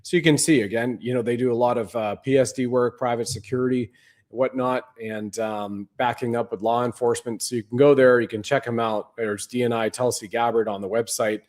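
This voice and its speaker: A man's voice: mid-range voice, steady tone, fairly quick, a little mellow. A man hosting a show, delivering a rambling, conspiratorial livestream monologue. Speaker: show host.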